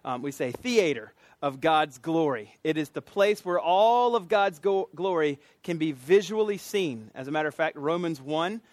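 A man's voice: on the high side, expressive, normal speed, few pauses, no room sound. A middle-aged man with a Southern US accent, a pastor teaching a sermon in a conversational, folksy way with self-deprecating asides. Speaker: pastor teaching a doctrine class.

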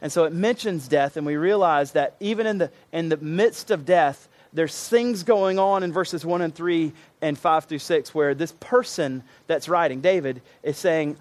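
Pastor guy preaching, earnest, repeats stuff for emphasis, kinda high voice. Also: moderate pace, few pauses. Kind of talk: sermon.

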